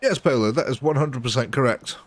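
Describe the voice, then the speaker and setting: Brief Male game streamer, mid-pitched, casual and rambling, often laughs at his own tangents, chats directly with viewers. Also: brisk. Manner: rambling and self-mocking, prone to laughing at himself. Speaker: gaming livestream host. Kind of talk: casual live commentary chatting with viewers.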